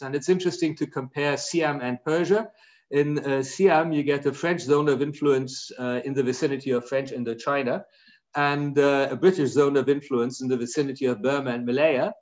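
A male professor giving an academic lecture, pausing often with fillers and asking for the next slide. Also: a little high, dull audio. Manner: hesitant, many fillers.

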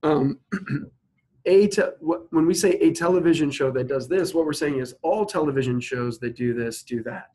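A man teaching a logic lesson, working through examples one at a time and slowing down to spell each one out. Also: fairly high pitch, darkish tone, low-quality recording. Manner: explains step by step, asks students to pause and think; slows to spell out examples word by word. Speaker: instructor. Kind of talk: recorded logic lecture.

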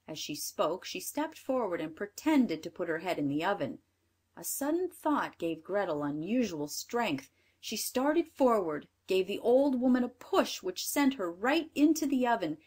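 A woman narrating a storybook in a clear, measured reading voice. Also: mid-range voice, animated, darkish tone.

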